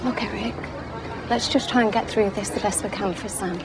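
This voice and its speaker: An actress playing a weary woman quietly pleading with a friend, heard in a film clip. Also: mid-range voice, steady tone, a little fast, crowd noise, close to an everyday voice. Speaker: film character.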